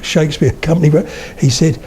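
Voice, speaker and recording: A fairly high, mellow male voice moves at a brisk clip over slight background noise. The speaker, an older lecturer on spoken English, addresses a live audience of around eighty in a public talk, chatting through anecdotes and checking in with listeners.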